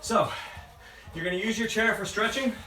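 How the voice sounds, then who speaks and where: Man, out-of-breath fitness coach, high voice, roomy room, distant mic, faint music behind. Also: normal speed, heavy background noise. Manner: encouraging, counts down reps aloud. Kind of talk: live workout instruction with counting.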